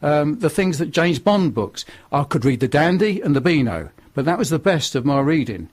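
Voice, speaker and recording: Older man with a Northern English accent, slightly high voice, blunt and preachy, telling his story as a radio guest. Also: big pitch swings, normal speed, breathy edge. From northern England. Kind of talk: radio interview testimony.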